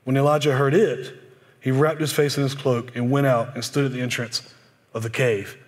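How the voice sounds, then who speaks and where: Man preaching softly in a reverberant hall. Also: mid-range voice, level tone, normal speed. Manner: conversational preaching, often dropping to a soft hushed voice. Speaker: pastor. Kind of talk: sermon. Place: church sanctuary. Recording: long church-hall reverb.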